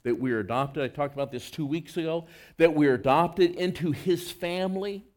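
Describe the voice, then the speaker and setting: High-voiced, earnest male preacher. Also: moderate pace, a little mellow. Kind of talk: sermon.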